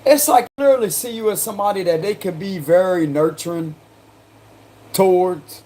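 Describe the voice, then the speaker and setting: Chatty tarot reader with a Carolina twang. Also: male voice, sits high, normal speed, warm tone. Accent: South Carolina. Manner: slangy and chatty, breaks into laughter. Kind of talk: casual spoken tarot reading.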